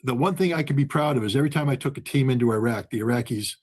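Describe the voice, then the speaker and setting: Male guest, husky voice, animated storyteller who acts out the dialogue. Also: mid-range voice, very fast. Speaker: guest, former weapons inspector. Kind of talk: storytelling in a conversation.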